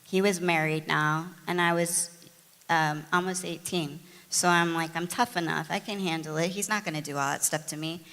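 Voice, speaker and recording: Bright-voiced woman telling her story. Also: low voice, normal speed, big-room sound. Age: middle-aged. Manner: conversational, frequent fillers and restarts, animated retelling. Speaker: guest sharing her recovery testimony. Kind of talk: candid personal storytelling.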